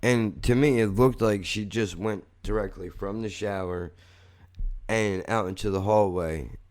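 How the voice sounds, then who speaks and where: A man's voice: on the low side, unhurried, a little mellow. A man hosting a podcast, telling a rambling story in a blunt, profane way. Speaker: podcast host. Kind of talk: casual storytelling monologue.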